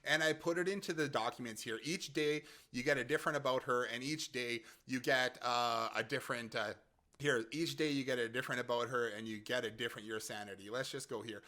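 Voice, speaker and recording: Man, bright forceful voice, chatty, laughs often, casual explainer, repeats phrases. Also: mid-range voice, brisk. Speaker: app creator and host.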